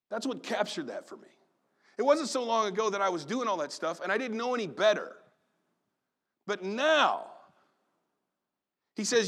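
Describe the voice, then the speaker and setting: A man preaching a sermon, telling a personal story with animated storytelling and acting out family members' voices. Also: high voice, moderate pace, pauses often. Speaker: pastor.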